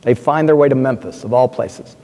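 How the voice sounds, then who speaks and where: A man's voice: mid-range voice, brisk, warm tone. A middle-aged man, a physician and pastor, telling personal stories on a panel in an earnest, emphatic way with frequent restarts. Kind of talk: panel talk, personal storytelling. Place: lecture hall. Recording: long reverb of a large hall.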